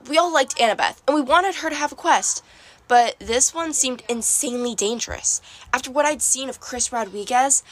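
A woman reading a first-person storybook narration, expressive and lively. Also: fairly high pitch. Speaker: audiobook narrator.

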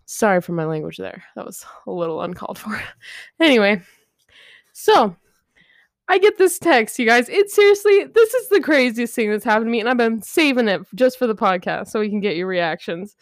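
A woman's voice: on the high side, big pitch swings, moderate pace, no echo, clean studio sound. A young woman co-hosting a casual podcast, telling a story animatedly, swearing and laughing as she talks. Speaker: podcast co-host. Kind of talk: casual chat.

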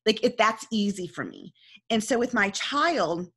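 A woman's voice: on the high side, expressive, a little slow, a bit bright, husky. A woman coach talking earnestly in a casual discussion, telling a story and often checking in with "right?".

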